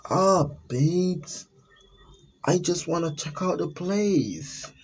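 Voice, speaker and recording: A man's voice: fairly high pitch, very slow, a little hiss or hum, pitched above the performer's own voice. A man putting on a sugary, mocking monster girlfriend. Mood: sweet. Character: creepy flesh-eating young woman, giggling.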